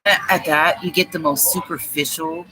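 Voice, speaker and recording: A woman's voice: deep voice, steady tone, moderate pace, crowd noise, rough recording. A woman hosting a tarot livestream, ranting in a blunt, profane, scornful way. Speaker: tarot reader and livestream host. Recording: music playing behind.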